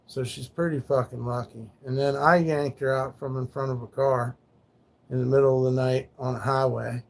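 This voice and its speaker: Man, gravelly voice, mid pitch, casual livestream ramble, profane, grieving, low and subdued. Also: steady tone, normal speed.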